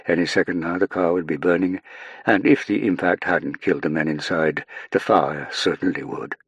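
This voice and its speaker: A man reads an audiobook in a measured, even storytelling voice. His voice is extremely low, with a husky grain. The recording is dry and close, with no room around it. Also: no echo. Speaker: audiobook narrator. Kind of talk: scripted narration.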